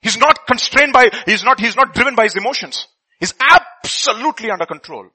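A man preaching a sermon, reading scripture and swinging from loud bursts to quiet asides. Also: extremely high pitch, expressive, a little fast, slightly rough, rough recording.

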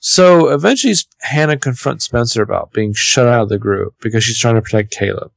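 A man's voice: medium pitch, fairly quick, gravelly, no echo. A man co-hosting a podcast, chatting casually as he recaps a TV episode, with lots of fillers and asides. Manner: animated, talks with many fillers. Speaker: podcast co-host.

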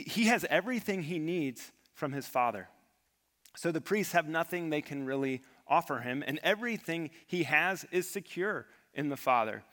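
A man preaching a sermon with earnest emphasis, rising to stress points and letting his phrases fall away quietly. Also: mid-range voice, long reverb tail. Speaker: pastor.

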